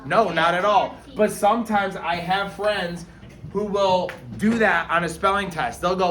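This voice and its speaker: A man's voice: sits high, normal speed, fairly bright tone. Man teaching phonics in an echoey room. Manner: patient, explains step by step, sounds words out. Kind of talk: phonics lesson for young children. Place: classroom. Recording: echoey room with faint noise.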